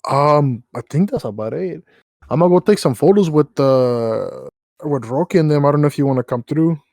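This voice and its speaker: A man's voice: a little high, animated, moderate pace, a little mellow, no room sound. A young man co-hosting a podcast, telling rambling work stories with lots of slang and fillers. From Mexican background. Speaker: podcast co-host. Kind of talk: casual storytelling chat.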